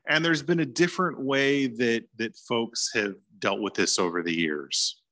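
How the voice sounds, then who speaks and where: A man's voice: mid-range voice, a little slow, fairly bright tone. A man giving an informal lecture on church history, talking conversationally and chuckling now and then.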